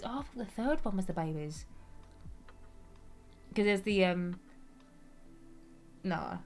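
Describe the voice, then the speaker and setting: A young woman streaming a game, chatting casually, giggling and reading chat aloud. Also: lowish voice.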